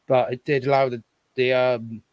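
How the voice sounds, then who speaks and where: A man's voice: medium pitch, little pitch movement, normal speed, a little mellow, no echo, muffled recording. Man chatting on a live stream. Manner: rambling and chatty, thinking aloud while sorting through things. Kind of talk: casual live-stream chat.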